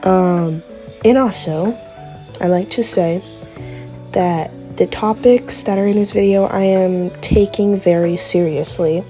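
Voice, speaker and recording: A woman giving a casual commentary vlog, talking in a halting, stuttering way with many fillers. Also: lowish voice, mellow, faint music behind. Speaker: commentary YouTuber.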